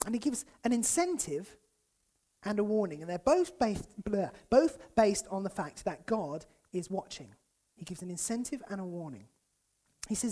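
Lively male preacher. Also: sits high, moderate pace. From United Kingdom. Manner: lively and conversational, acts out quoted speakers, chuckles often. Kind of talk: sermon. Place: church.

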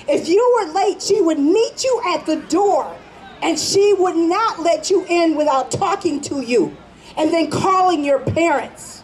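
A woman's voice: extremely high pitch, expressive, measured pace, a little mellow, rough recording. Woman playing an eager eight-year-old girl. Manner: breathless, eager first-person telling.

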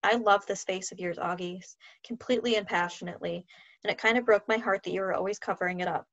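A woman voicing a warm, joking middle-aged father who speaks softly and apologetically in a read-aloud story. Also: medium pitch, steady tone, fast, close to an everyday voice. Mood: tender. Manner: soft, tender, apologetic. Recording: dull lo-fi sound.

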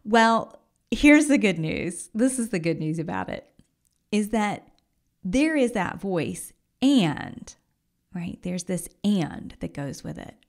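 A woman hosting a solo podcast as a coach, talking in a gentle, encouraging way and often dropping into a soft whisper. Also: mid-range voice, very animated, slow, vocal fry. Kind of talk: reflective solo podcast talk.

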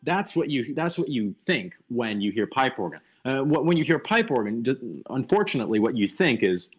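A man's voice: medium pitch, sing-song, normal speed, faint music behind. A young man giving a casual online lecture over a voice call, thinking aloud with frequent restarts and fillers and blunt opinionated asides. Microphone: computer mic on a voice call.

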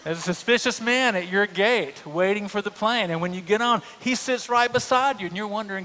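A man's voice: high voice, a little fast, hardly any pauses, sharp tone. A male pastor, preaching a sermon in a humorous, conversational storytelling way. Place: church sanctuary. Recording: long church reverb.

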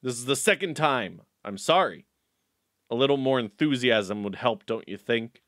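A man's voice: mid-range voice, animated, normal speed, a bit bright, no echo, studio quality. A young man giving joking, sarcastic commentary while playing a video game and bantering with its characters. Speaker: gaming YouTuber. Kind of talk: let's play commentary. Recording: game music behind the voice. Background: game music.

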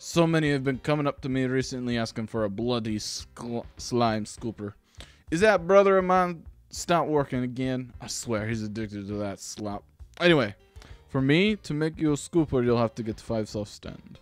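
A man voicing a grumpy male glassblower shopkeeper who is fed up with adventurers, in a put-on mix of Irish and Russian accents, grumbling loudly. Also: medium pitch, lively intonation, moderate pace, no echo, faint music behind, lightly acted. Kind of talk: reading game character dialogue aloud.

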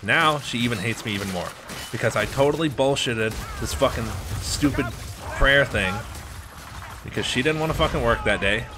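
Foul-mouthed man with a lively voice. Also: medium pitch, moderate pace, background noise. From United States. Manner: crude, heavily profane, rambling. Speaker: gaming channel host. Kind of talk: casual storytelling over gameplay.

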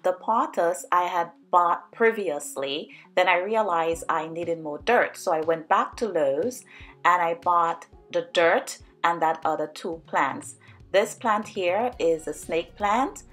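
A woman narrating a home plant vlog in a cheerful, chatty, enthusiastic way. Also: medium pitch. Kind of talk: casual voice-over vlog narration.

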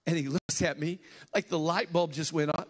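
A male preacher with a fairly high voice tells a story from the pulpit with great animation. He swings between hushed asides and sudden shouted lines as he acts out the scene. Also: steady tone, normal speed. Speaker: guest preacher. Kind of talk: storytelling sermon.

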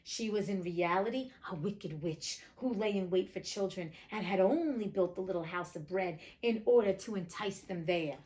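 A woman reading a fairy tale aloud as the host of a reading show, breaking in with joking, chatty comments. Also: medium pitch. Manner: joking, chatty commentary between read passages. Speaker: audiobook reader.

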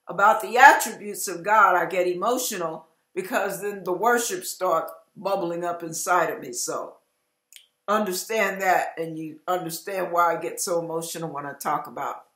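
A woman preaching an emotional sermon, fervent and emphatic, sometimes breaking into loud cries. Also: fairly low pitch, echoey room. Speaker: online preacher.

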